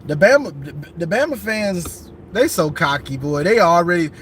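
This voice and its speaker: A man's voice: sits high, expressive, moderate pace, a bit bright. A man, talking sports in a casual, emphatic way. He often repeats and restarts phrases while he drives. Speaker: sports vlogger. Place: in a car while driving. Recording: road noise from a moving car.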